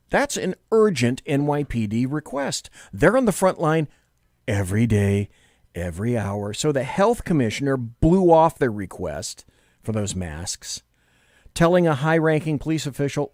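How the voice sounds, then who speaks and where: A man's voice: medium pitch, no echo, studio quality. A man hosting a talk radio show, giving sarcastic, opinionated commentary between audio clips. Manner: sarcastic, lively, mocking.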